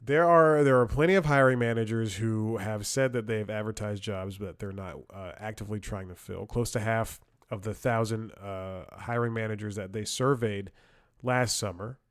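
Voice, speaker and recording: Low-voiced man telling rambling comic stories. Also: steady tone, normal speed, clean tone. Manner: chuckles often, restarts sentences, wry and blunt. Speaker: comedy podcast host. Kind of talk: rambling comedic storytelling and commentary.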